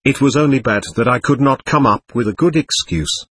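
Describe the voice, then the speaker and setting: A man reading a first-person memoir aloud in a plain, measured storytelling manner. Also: medium pitch, fairly bright tone, breathy edge, no echo.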